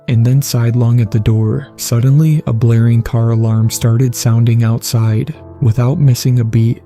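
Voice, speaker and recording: A man narrating a horror story in a steady, scripted reading. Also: mid-range voice.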